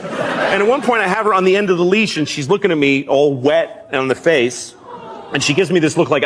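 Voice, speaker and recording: A comedian telling an anecdote as a talk-show guest, deadpan and bursting into loud acted-out voices. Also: male voice, fairly high pitch, brisk, heavy background noise. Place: New York.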